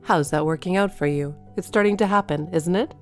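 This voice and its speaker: Woman narrator, first-person story, calm delivery, lower voice. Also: a little fast, faint music behind.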